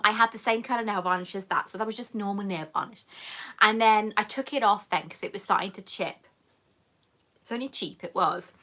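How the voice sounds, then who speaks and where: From home, a British woman hosts a chatty live Q&A, calling her viewers "sweetheart" and "love." Her fairly high voice has a sharp tone, captured through a camera mic on a monopod.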